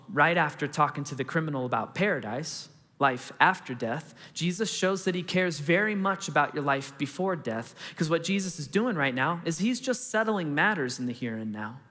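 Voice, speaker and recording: A man's voice: on the high side, sharp tone, big-room sound. A man preaching a sermon as pastor, earnest and conversational, in a large church auditorium.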